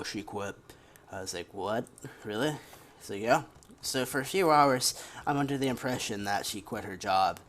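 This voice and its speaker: A man's voice: lowish voice, slight background noise. A tired man telling a work story in a rambling, chatty way while commenting on gameplay. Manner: rambling, chatty, with off-hand gaming asides. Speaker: gaming commentator. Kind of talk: casual storytelling over gameplay.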